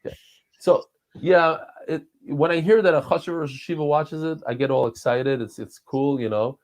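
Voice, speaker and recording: A man's voice: on the high side, steady tone, moderate pace, a little mellow. A man in his forties, a podcast guest, telling stories in a rambling, heartfelt way with frequent restarts. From New York and Israel. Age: 40s. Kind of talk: casual conversation.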